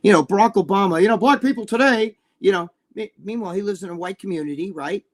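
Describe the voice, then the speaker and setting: A man's voice: sits high, fast. A man co-hosting a talk show, ranting in heated casual chat, swearing, repeating himself and acting out quoted people. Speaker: podcast co-host.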